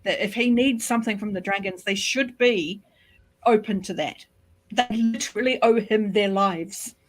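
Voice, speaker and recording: A woman speaking at a middle pitch in a relaxed book club chat. She builds her argument step by step, calm and deliberate. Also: poor audio. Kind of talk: casual book discussion.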